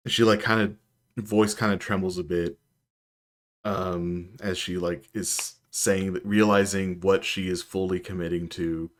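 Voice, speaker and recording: A man narrating as game master of a tabletop game, in a calm, measured way. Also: sits low.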